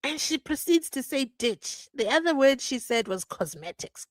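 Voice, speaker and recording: A woman's voice: high-pitched, big pitch swings, normal speed, hardly any pauses, dry recording. A woman hosting a true crime live stream, chatting casually, reading viewer comments and laughing often with mock-incredulous questions. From South Africa. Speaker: true crime channel host.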